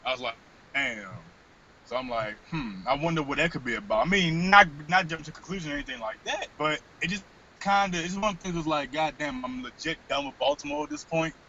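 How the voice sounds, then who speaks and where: Man, podcast co-host, casual storytelling, profane, bouncy lively pitch, somewhat high voice. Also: brisk, a little hiss or hum. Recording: dull lo-fi podcast recording.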